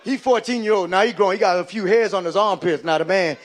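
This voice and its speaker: A man doing live stand-up comedy, telling animated stories and slipping into loud character voices. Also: high-pitched, fast talker.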